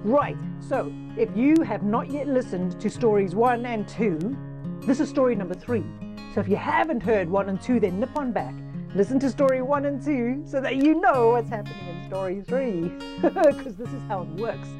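Playful, animated woman storyteller. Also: fairly high pitch, normal speed, over music. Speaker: children's storyteller and host. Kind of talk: children's story narration.

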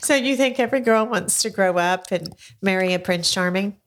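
A woman's voice: medium pitch, normal speed. Grandmotherly woman coaxing answers in interview. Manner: coaxing, prompting with leading questions. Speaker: podcast host. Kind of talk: casual family interview. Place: home studio.

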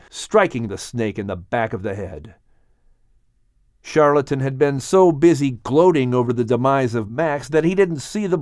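A man narrating a dramatic audiobook story on a studio mic in an expressive, unhurried way. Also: mid-range voice, no room sound.

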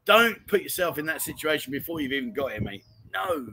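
A man chats his way through viewer comments on a home livestream, matey and loose. His voice is bright and forceful and sits a little high. A faint hiss runs underneath. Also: sing-song, a little fast, rough recording. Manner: chatty and matey, keeps calling people mate. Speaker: livestream chat show host. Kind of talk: casual livestream chat reading viewer comments. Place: home in Pattaya.

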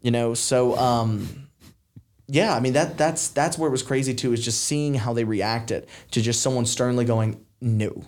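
A man's voice: mid-range voice, moderate pace. A man, a podcast guest, telling a story in casual chat with emphatic bursts and mock dialogue. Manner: animated, quotes himself and others in mock dialogue.

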